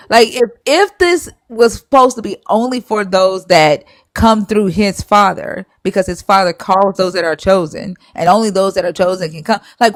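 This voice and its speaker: A woman's voice: medium pitch, dry recording, clean studio sound. A woman hosting a live stream, bluntly arguing and retelling scripture in casual slang with swearing.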